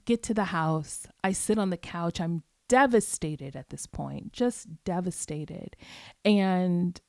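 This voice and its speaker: Podcast host, woman, gravelly lower voice, candid reflective storyteller, dry close sound. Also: slow pace, no echo. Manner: candid, reflective, drops to soft whispers at tender moments; casual, occasionally profane. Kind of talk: personal storytelling monologue.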